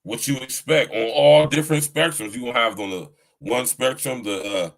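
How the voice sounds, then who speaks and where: A man's voice: mid-range voice, normal speed, low-quality recording. Laid-back slangy man hosting a podcast. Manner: loose, laughing, slangy and profane. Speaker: podcast host. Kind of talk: casual live-stream chat.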